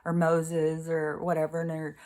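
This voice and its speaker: Middle-aged woman with a lower voice and a loose, rambling delivery for a casual spiritual monologue. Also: monotone, moderate pace, darkish tone. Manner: rambling and conversational, many fillers, casual swearing. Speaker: spiritual speaker.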